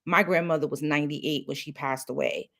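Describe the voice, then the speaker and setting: A woman's voice: low voice, fairly even intonation, fairly quick, gravelly, fairly bright tone. A middle-aged woman chatting casually through a hair tutorial, confiding and full of fillers, recorded on a phone. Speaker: natural hair vlogger.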